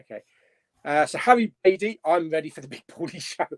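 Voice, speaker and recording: A man hosting a casual live-stream chat, jokey and quick to laugh. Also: fairly high pitch, lively intonation, no echo. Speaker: host of a live chat show.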